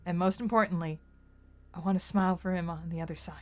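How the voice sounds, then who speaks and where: A woman's voice: fairly low pitch, fairly even intonation, fast talker. A woman streaming a visual novel playthrough, reading the story aloud in her own voice. She reacts with strong emotion and sudden outbursts as she goes. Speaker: game streamer.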